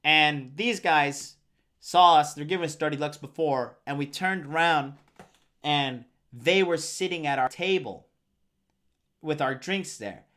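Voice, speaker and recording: A man's voice: a little high, unhurried, a bit bright. A young man hosting a dating-advice show, telling stories and giving advice in a casual, profane, rambling way and reading out viewer comments. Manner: profane, rambling, filler-heavy. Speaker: dating coach host.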